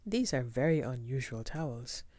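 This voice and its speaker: A woman voicing a mildly bemused gentleman of the house in a storybook read-aloud. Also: a bass voice, expressive, moderate pace, no echo.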